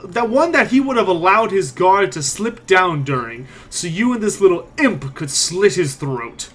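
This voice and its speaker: A man's voice: high-pitched, lively intonation, unhurried, fairly bright tone, pitched above the performer's own voice, heavily acted. A man voicing a scowling, self-important male witch hunter captain who accuses and threatens in a tabletop game. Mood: accusing. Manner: accusing, blustering.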